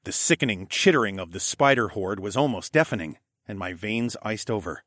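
A man narrating a first-person audiobook in a wry, expressive way, shouting the dialogue of his hero. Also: lowish voice, moderate pace, hardly any pauses, dry recording, clean studio sound.

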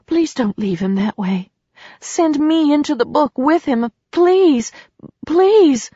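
Storybook read-aloud: woman reading as a desperate, grieving young woman, slow delivery, dry sound. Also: a little high, darkish tone, no room sound. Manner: pleading, tearful, breathy. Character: heartbroken young woman pleading for her lost lover. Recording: slightly dull dry recording.

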